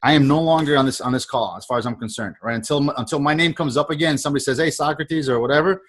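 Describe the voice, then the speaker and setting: A man's voice: fairly high pitch, racing, a bit bright. A man coaching a sales trainee on a video call, talking in a casual, repetitive way and acting out the lines he quotes.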